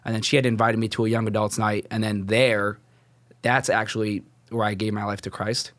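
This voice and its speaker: A man's voice: on the low side, little pitch movement, brisk, fairly bright tone, no room sound. A young man telling his personal faith story as a podcast guest, casual and rambling, full of "like" fillers and restarts. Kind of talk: casual testimony.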